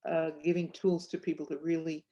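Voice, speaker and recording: A woman author and clairvoyant telling stories in an interview, animated and acting out the voices in her anecdotes. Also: deep voice, a little fast, lo-fi sound. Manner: animated, acts out voices in anecdotes, laughs often. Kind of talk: storytelling interview chat.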